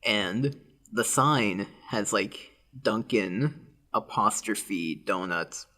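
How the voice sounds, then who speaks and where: A man's voice: on the low side, expressive, drawn-out words, bright, forceful tone. A young man co-hosting a podcast in casual chat, rambling with lots of fillers and giggles. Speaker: podcast co-host.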